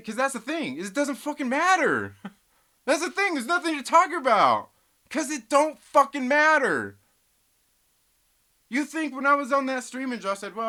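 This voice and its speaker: A man's voice: very high voice, bright, forceful tone. A man hosting a live stream, reading viewer chat aloud and ranting with lots of swearing and laughter. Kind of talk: casual live stream rant.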